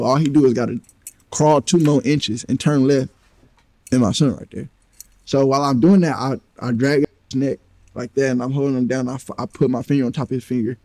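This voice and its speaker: A man's voice: mid-range voice, dark tone, dry recording. A man interviewed as a guest, vividly retelling events and acting out what each person said. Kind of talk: storytelling in an interview.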